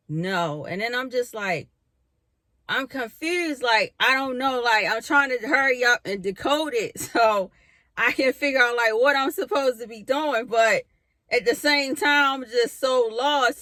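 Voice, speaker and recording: A young woman vlogging from her bedroom, telling a spiritual story in a casual, animated way, full of fillers and casual swearing. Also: on the high side, measured pace, no echo, studio quality. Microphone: camera in a bedroom.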